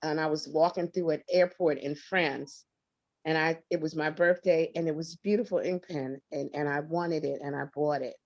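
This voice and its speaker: A woman, a guest singer, telling stories in an interview, expressive and emphatic, laughing often. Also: low-pitched, normal speed, lo-fi sound. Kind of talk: animated interview storytelling.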